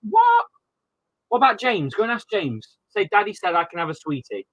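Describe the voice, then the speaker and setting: A man in his thirties rants casually on a football watchalong stream, swearing as he goes. His voice is bright and animated, and it jumps all over the place in pitch. The recording is dry and close. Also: moderate pace, no echo. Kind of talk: casual live-stream chat.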